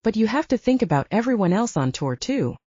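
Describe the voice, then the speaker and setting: A woman reading the lines of a male band manager in an audiobook, calm and reasoning. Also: medium pitch, brisk, husky, no echo, lo-fi sound, pitched above the performer's own voice. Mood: placating. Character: steady middle-aged male band manager, placating.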